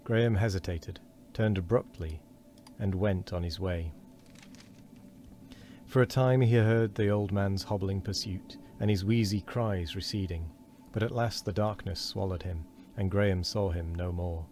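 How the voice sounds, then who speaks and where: Deep-voiced man reading aloud. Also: moderate pace, a little mellow, slight background noise. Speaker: streamer reading a book aloud.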